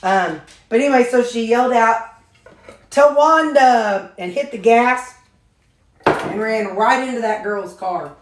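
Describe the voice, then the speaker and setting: A woman's voice: fairly high pitch, measured pace, reverberant, a little hiss or hum. A woman chatting casually while she makes supper, rambling through a story with lots of ums. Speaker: vlogger showing her meals.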